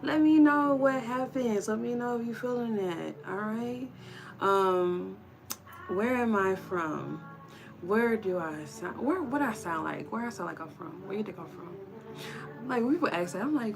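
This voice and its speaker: A woman's voice: mid-range voice, animated, unhurried, over music. A woman giving a casual tarot reading to her viewers, chatty and encouraging, calling them y'all. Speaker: tarot reader.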